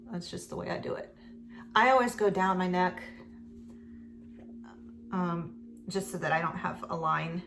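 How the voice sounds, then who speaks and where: Slow, rambling middle-aged woman vlogger. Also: fairly low pitch, creaky, slight background noise. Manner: rambling, chatty, full of fillers. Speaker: beauty vlogger. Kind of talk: casual makeup chat. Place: at home.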